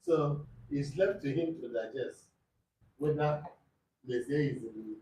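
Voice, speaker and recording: A Nigerian man, a student in a class, asking questions in a halting way and searching for words. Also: medium pitch, dark tone, slight background noise. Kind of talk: classroom discussion. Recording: distant, echoey room with faint ambience.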